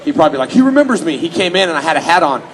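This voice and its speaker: A slightly high-voiced man races along on a rough recording marked by a little hiss or hum. Hailing from Houston, Texas, and about his late thirties, he tells fans joking stories from a convention panel, animated and often adopting mock voices for quotes.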